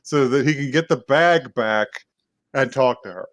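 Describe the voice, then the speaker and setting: A man co-hosting a podcast, casually retelling an anime episode with many fillers and laughs, acting out the characters' lines in quick bursts. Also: mid-range voice, dry recording, studio quality. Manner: rambling, laughing, acts out quotes. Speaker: podcast co-host. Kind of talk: casual anime recap chat.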